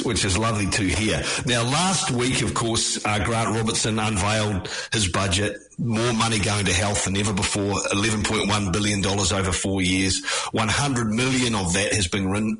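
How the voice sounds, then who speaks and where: A man hosting a radio program, presenting in a friendly, measured way. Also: on the low side, fairly bright tone, poor audio. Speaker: radio host. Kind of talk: radio interview.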